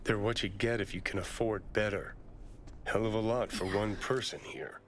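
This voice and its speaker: A man voicing a calm male mercenary in a video game, talking in a matter-of-fact, low-key way. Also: moderate pace, slight background noise, natural voice. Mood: dry.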